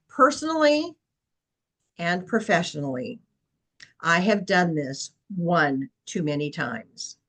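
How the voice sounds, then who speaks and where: A woman's voice: fairly low pitch, a bit bright, poor audio. A woman real estate agent presenting a webinar session, telling a long client story in an earnest, anecdotal way with frequent fillers.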